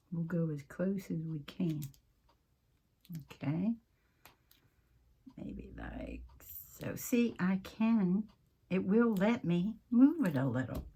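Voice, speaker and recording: A woman's voice: on the low side, darkish tone, breathy edge. A woman hosting a casual craft tutorial, chatting and rambling as she works, often interrupting herself. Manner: mentions her accent coming and going. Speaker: craft video host.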